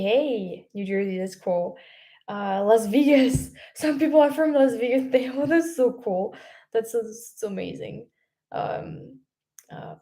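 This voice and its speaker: Chatty French woman with a mellow voice. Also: on the high side. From France. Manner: chatty, laughs often, many fillers and restarts. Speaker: vlogger hosting a livestream. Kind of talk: casual livestream chat, reading comments.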